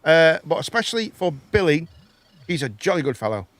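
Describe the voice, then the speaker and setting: A man hosts a loose live chat stream. His voice sits a little high, and he rambles through jokey anecdotes that trail off. The sound is close and dry. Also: big pitch swings, brisk, fairly bright tone, no room sound. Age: 30s. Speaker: host. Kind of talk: casual live chat show.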